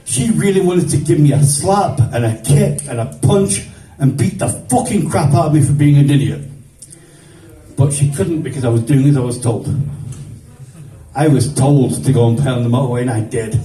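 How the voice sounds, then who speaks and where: A man doing stand-up, telling a rambling childhood story with lots of swearing and quick voices for the people in it. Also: mid-range voice, warm tone, recorded from a distance. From grew up in the 1970s. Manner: swearing, rambling anecdotal delivery with voiced characters. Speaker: stand-up comedian. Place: stage at a comedy show. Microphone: phone filming from the audience. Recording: roomy phone recording from afar.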